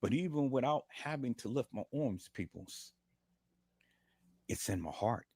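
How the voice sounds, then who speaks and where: A man's voice: mid-range voice, expressive, unhurried, dark tone, slightly rough, no room sound. A man, in pain and lying in bed, giving a fervent, repetitive testimony of faith to livestream viewers and calling them "peoples". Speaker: livestream host.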